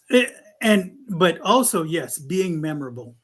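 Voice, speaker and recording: Guy with a high voice, talks slow, animated storyteller doing callers' voices, casual cohost chat. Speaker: co-host. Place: live studio.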